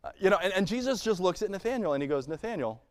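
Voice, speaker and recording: A pastor preaching a sermon in a conversational style, acting out little scenes and laughing along the way. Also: male voice, sits high, lively intonation, very fast. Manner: conversational preaching with playful acted-out asides. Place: church sanctuary.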